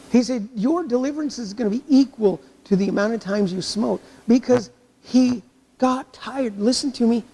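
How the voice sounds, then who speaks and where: A man's voice: sits high, warm tone. A male pastor preaching a sermon in a church, driving points home with rhetorical questions and acting out inner voices. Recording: long hall reverb.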